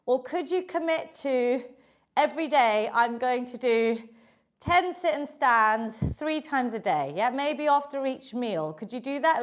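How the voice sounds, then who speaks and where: Upbeat high-voiced British woman coaching. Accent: British English. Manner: upbeat, encouraging, counts down reps. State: out of breath. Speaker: fitness instructor. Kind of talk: live online exercise class. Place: home workout room.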